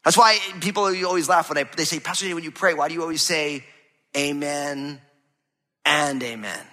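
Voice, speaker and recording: A man preaching a sermon as pastor, animated, swinging between loud emphasis and hushed low passages. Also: fast talker. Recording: reverberant hall.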